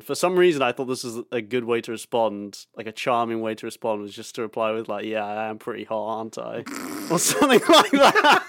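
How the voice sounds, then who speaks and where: A man's voice: on the high side, sharp tone, smooth, no room sound, studio quality. A man in his twenties, a podcast co-host, telling stories in a rambling, laughing, sweary and self-mocking way. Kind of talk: casual chat, storytelling.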